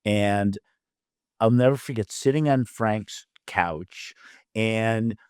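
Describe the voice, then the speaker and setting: A man's voice: on the low side, takes it slowly, clear, resonant tone, no echo, clean studio sound. An older man, a literary agent and producer, telling career anecdotes as an interview guest, acting out the dialogue of the people in his stories. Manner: lively storyteller who acts out quoted dialogue; loose, with fillers and restarts mid-thought.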